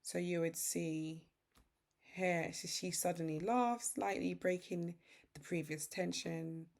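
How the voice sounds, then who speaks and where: A British woman hosting a software tutorial, casually explaining each step as she works through it on screen. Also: lowish voice, fairly even intonation, slow pace, creaky. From Britain. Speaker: tutorial host.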